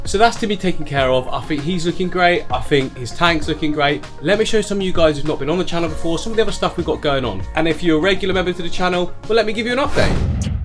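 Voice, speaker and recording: A man hosting a casual vlog at home, talking warmly to his pet and putting on little voices for it. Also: a little high, expressive, fast, soft background music. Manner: chatty, coos at the pet, puts on little voices for it. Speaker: aquarium channel host. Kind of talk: casual vlog chat to camera.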